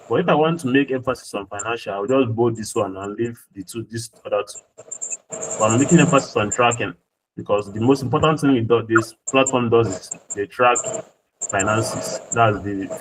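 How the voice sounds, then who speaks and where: A patient male tutor talks a class through a design tutorial as he works on screen. His pitch sits in the middle, and he repeats key points to make sure everyone keeps up. Steady background noise runs under his voice. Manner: patient, repeats himself while working on screen. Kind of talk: screen-share tutorial walkthrough.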